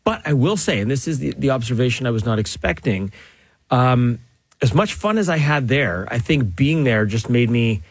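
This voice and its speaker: A man's voice: medium pitch, normal speed, slightly rough, no room sound. Chatty male radio co-host. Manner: chatty, animated, loads of "like". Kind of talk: casual banter. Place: radio studio. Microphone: studio microphone.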